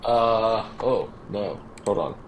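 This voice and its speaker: A man's voice: lowish voice, expressive, takes it slowly, roomy sound, a little hiss or hum, low-quality recording. A man co-hosting a casual podcast chat, hesitant and self-mocking, recorded over a video call. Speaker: podcast co-host.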